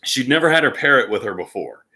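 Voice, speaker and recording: Man, casual storytelling, bright, expressive pitch, filler words. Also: quick pace. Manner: animated, with frequent fillers. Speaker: vlogger.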